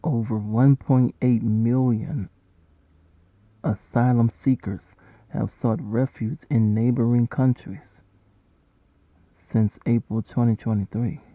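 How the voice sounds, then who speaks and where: A man speaking as an aid organization's spokesperson, giving a measured, formal prepared statement. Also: mid-range voice, steady tone, dark tone, no echo. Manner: measured, deliberate. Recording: dull, lo-fi played-back clip.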